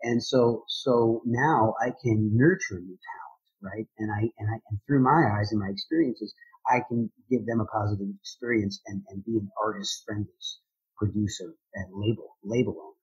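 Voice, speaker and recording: A man, a drummer and motivational speaker, answering interview questions in an energetic, enthusiastic way. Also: lowish voice, moderate pace, husky, dull audio.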